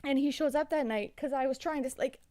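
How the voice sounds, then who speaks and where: A woman's voice: sits high, fast talker, a little mellow, no room sound. A young adult woman, a podcast guest, telling a story in a rambling, profane way with lots of "like" fillers. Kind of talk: casual storytelling.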